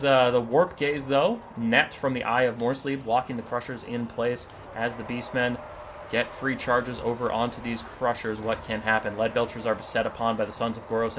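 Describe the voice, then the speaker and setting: A man casting a strategy game battle, telling the story in an animated, jokey way with quick asides. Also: medium pitch, noisy background. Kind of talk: casual game commentary and storytelling.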